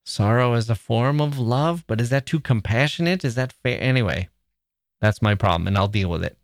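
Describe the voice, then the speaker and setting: A man's voice: mid-range voice, normal speed, no echo, clean studio sound. A man hosting a podcast in an opinionated monologue, exasperated and sarcastic by turns, then questioning himself aloud. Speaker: podcast host.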